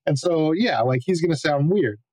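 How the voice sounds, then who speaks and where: A man in casual movie chat, profane and laughing, telling animated stories. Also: on the high side, moderate pace, dry recording. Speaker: podcast co-host.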